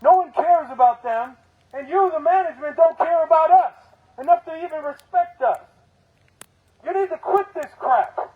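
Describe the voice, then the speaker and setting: A man's voice: very high voice, narrow, tinny audio. A man speaking as a union steward at an outdoor protest, angrily firing off rhetorical questions and curses. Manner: angry, profane, rapid rhetorical questions. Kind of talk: protest speech.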